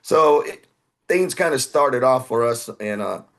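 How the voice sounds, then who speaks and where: A man's voice: mid-range voice, expressive, unhurried, creaky, fairly bright tone. A man, telling rambling stories as a podcast guest and sometimes acting out other people's voices. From Houston, Texas. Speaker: guest musician. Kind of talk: casual interview storytelling.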